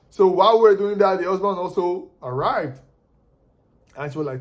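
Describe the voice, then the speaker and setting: Chatty man with a higher voice. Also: expressive, normal speed, poor audio. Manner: repeats and restarts words, talks straight to viewers. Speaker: car flipper sharing tips. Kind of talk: casual storytelling to camera.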